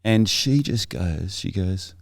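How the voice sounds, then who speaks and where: Deep-voiced man telling his story. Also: lively intonation, slow pace, vocal fry, no echo, studio quality. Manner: earnest, thoughtful, with frequent self-corrections. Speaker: podcast guest. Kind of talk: reflective interview storytelling.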